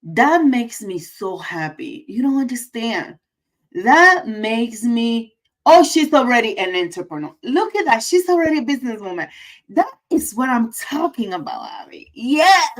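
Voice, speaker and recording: A woman's voice: fairly high pitch, sing-song, moderate pace, low-quality recording. A woman hosting a casual livestream, effusive and emotional, repeating her greetings. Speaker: livestream host.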